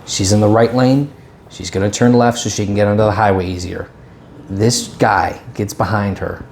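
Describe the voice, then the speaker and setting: A man's voice: fairly low pitch, moderate pace, gravelly, slight background noise. A man co-hosting a casual podcast, telling stories and acting out what people said. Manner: animated storyteller, acts out quotes. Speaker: podcast co-host. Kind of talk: casual chat, storytelling. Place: indoor podcast room.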